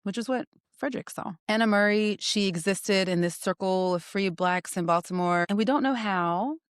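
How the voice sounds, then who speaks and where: A woman hosting a podcast, telling a story in a playful, teasing, animated way. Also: mid-range voice, moderate pace, smooth, no echo, studio quality. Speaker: podcast host. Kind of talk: casual conversational storytelling.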